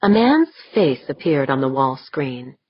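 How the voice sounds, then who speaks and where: A woman narrating an audiobook with a low, husky voice. She reads steadily and measured, recorded dry with a slightly dull sound. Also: sing-song, dry recording.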